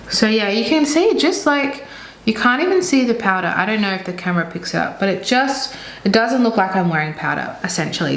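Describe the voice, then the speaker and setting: A woman's voice: lowish voice, fairly bright tone, echoey room, slight background noise, low-quality recording. A young Australian woman chatting through her makeup routine as a beauty vlogger, rambling and correcting herself as she goes. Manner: rambling, self-correcting, frank. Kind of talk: chatty get-ready-with-me makeup talk.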